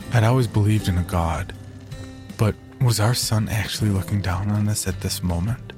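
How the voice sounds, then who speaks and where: A man narrating a horror story in the first person, in a calm, measured way. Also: sits low.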